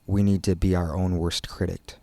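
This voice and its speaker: Mellow, low-voiced man in podcast chat. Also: flat delivery, moderate pace, vocal fry, no echo. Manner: agreeable, chimes in with short affirmations. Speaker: podcast co-host.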